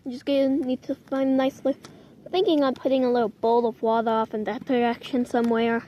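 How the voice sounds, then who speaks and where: A woman's voice: fairly high pitch, level tone, a little fast, dark tone, highs cut off, a little hiss or hum. A young woman talking casually to her camera outdoors in the cold, rambling and often apologizing. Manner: chatty and rambling, with frequent apologies. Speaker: vlogger. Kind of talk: casual outdoor vlog chat. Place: outdoors in the cold, sitting on rocks.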